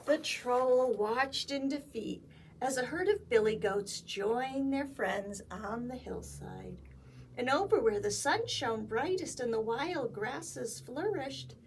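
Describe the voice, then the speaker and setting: A woman librarian reading a story aloud at a children's storytime, dramatic and expressive, with hushed asides. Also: on the high side, slow pace, slight background noise.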